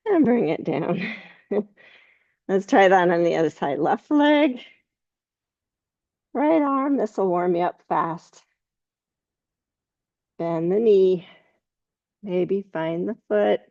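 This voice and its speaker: Woman yoga teacher talking slow and calm, a bit of gravel in her voice, dull lo-fi sound. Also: fairly low pitch, no echo. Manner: slow, calm cueing with soft laughs. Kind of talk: guided yoga class instruction.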